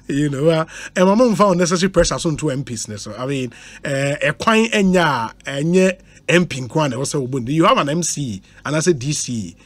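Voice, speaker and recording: A man's voice: a little high, moderate pace, few pauses, no room sound. A Ghanaian man hosting a radio talk show, mixing Twi and English and reading out listener messages. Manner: reads out listener messages, animated and laughing. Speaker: radio host. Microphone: studio microphone.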